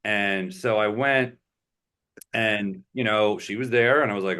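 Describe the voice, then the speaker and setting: A man's voice: lowish voice, unhurried, pushed and bright, smooth. A man in his thirties, a stand-up comedian guesting on a podcast, telling stories in a rambling, chatty way full of "like". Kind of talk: casual chat.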